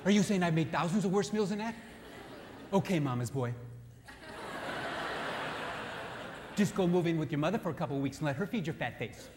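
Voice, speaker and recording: A man putting on a high falsetto to voice a sharp-tongued, easily offended wife, recorded in an echoey hall. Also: animated, quick pace, noisy background, natural voice. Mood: offended, scolding.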